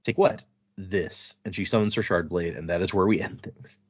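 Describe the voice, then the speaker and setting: A man's voice: low-pitched, normal speed, husky, no room sound. A man co-hosting a podcast, casually retelling book chapters in loose paraphrase, laughing often and swearing now and then. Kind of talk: casual chat. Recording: dull, slightly lo-fi podcast audio.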